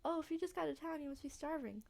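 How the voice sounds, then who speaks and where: A woman's voice: high voice, fast, gravelly, voice pushed up. A woman voicing a cheerful, teasing young small-town woman, reading game dialogue with a playful, dramatic delivery. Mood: friendly.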